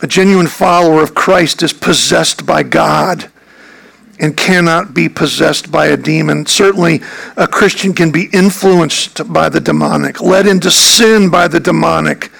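A man, a pastor, preaching a sermon earnestly and emphatically, with a gravelly voice. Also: on the high side, a little slow, a bit bright, poor audio.

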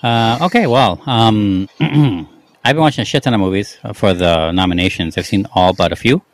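A man's voice: fairly low pitch, animated, moderate pace, dry recording. A man hosting a casual podcast chat, easygoing and wry, steering the talk with questions to his co-hosts. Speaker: podcast host.

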